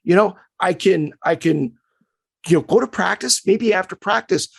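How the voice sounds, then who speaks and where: A man's voice: high voice, normal speed, gravelly, slightly rough, no room sound, clean studio sound, voice pushed up, heavily acted. A man putting on a laid-back hockey player. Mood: easygoing. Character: laid-back male pro hockey player who hates stress.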